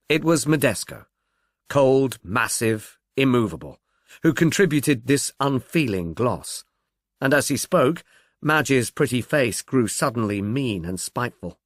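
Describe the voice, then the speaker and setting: A man narrates a detective novel in a measured, expressive way, his medium-pitched voice rising and falling freely. The recording is dry and close, with no room sound. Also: no echo.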